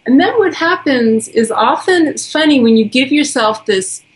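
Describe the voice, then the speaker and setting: A woman guest explaining ideas calmly and gently in an interview. Her voice is somewhat high and noticeably husky and breathy. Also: moderate pace. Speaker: guest expert on self-compassion.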